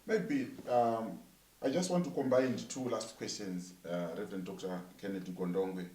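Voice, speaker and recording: A man interviewing a minister, echoing his guest's words and pausing with many fillers. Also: fairly low pitch, mellow, far from the mic. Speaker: interviewer, church coordinator. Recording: echoey room, off-mic.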